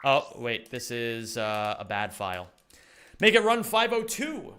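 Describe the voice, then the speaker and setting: A man live-streaming, joking and bantering with his viewers in casual chat, swearing freely and answering them quickly. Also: mid-range voice, sing-song, sharp tone. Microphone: streaming microphone.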